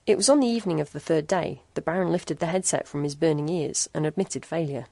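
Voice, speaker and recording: A woman reads a story aloud in a steady, measured way. Her voice is low, with a gravelly rasp. The sound is dry and close to the mic. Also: dry recording. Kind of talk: storybook narration.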